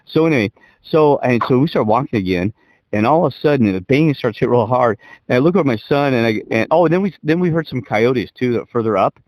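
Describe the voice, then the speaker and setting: A middle-aged man spinning a story in loose, profane chat, restarting his sentences and laughing along. His voice sits at an ordinary pitch. The recording is dry and close. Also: expressive, fast, darkish tone, dry recording, rough recording. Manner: rambling, profane, laughs while telling. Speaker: podcast co-host.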